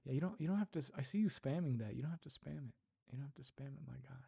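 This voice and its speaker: Husky, gravelly man chatting on stream. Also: mid-range voice, animated, racing, mellow. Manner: laughs often, repeats words while trying out pronunciations. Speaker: streamer reading live chat. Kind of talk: casual livestream chat.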